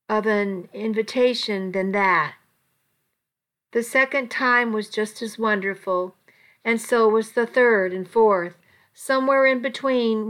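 A woman reads a romance story aloud at an unhurried pace. Her delivery is soft and intimate, in a mid-pitched voice. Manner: slow, soft and intimate reading. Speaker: narrator. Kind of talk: audiobook narration of a romance story.

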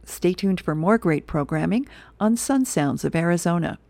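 A woman volunteer reader for a radio reading service, reading comics and history aloud in a steady, clear way. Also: lowish voice, moderate pace, dry recording. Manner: steady, clear read-aloud with occasional laughs.

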